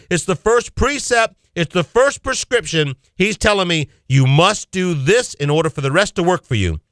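A male radio preacher delivering a sermon, swinging his pitch and emphasis suddenly. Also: fairly bright tone, dry recording, clean studio sound.

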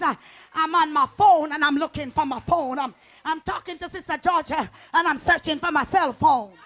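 A woman preacher delivering a fervent sermon, calling out to the congregation and swinging from quiet talk to shouting. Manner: call-and-response, swings from low talk to shouting.

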